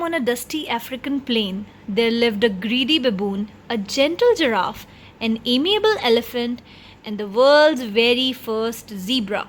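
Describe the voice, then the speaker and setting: A woman reading a children's picture book aloud in an expressive storytelling voice. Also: on the high side, a little hiss or hum. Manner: expressive, shifting pace.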